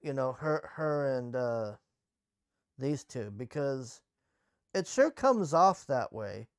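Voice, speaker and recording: A man's voice: mid-range voice, big pitch swings, slow pace, smooth, dry recording, studio quality. A man casually recapping and reviewing a TV episode, blunt and sarcastic, swearing freely.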